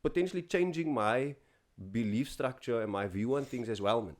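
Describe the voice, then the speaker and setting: A young man from South Africa, a content creator guest chatting in an emphatic, opinionated way. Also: mid-range voice. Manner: fast, opinionated, emphatic talker. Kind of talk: casual chat.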